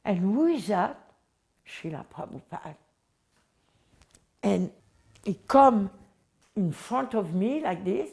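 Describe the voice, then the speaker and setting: Slow-talking older woman reminiscing. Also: medium pitch, lively intonation, gravelly, a little mellow. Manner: halting non-native English, acts out the scene vividly. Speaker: interviewee recalling memories. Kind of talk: personal recollection.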